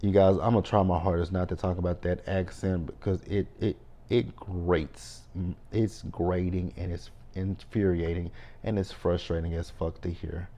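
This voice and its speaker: A man giving a casual TV episode recap, animated and profane, quick to mock with exaggerated reactions. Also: sits low. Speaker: TV recap host.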